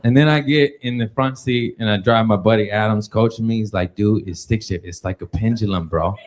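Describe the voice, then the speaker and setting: A man's voice: lowish voice, a little fast. A man telling a crude, profane story stand-up style, laughing as he talks. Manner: laughing through his own story, loose and crude. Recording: noisy recording with clicks.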